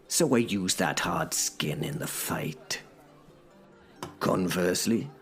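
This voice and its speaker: A man voicing a proud, blunt, battle-hardened young medieval knight who narrates in formal, scornful old-fashioned speech. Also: low-pitched. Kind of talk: audio drama first-person narration.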